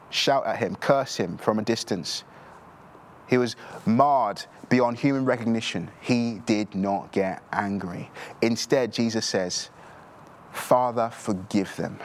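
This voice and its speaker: Earnest male preacher, low voice. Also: a little hiss or hum. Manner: earnest, repetitive preaching with stammered restarts. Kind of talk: sermon.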